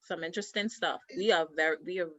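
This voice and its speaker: A woman's voice: lowish voice, fairly even intonation, fast talker, pushed and bright, no echo, poor audio. Woman host chatting, dry close sound, keeps agreeing. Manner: enthusiastic agreement. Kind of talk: casual chat.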